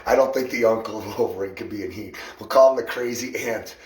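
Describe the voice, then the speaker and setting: A man's voice: lowish voice, a little fast, a little mellow, far from the mic, slight background noise. Rambling man livestreaming in an echoey room. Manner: rambling, laughing often, greets commenters by name. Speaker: livestream host greeting viewers. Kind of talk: casual livestream chat. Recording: echoey room, voice a bit off-mic.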